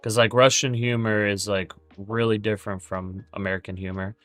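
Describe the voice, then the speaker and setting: A man's voice: lowish voice, fairly even intonation, moderate pace, fairly bright tone, no echo, faint music behind. A man hosting a day trading livestream, chatting casually and jokingly, with many stammered restarts.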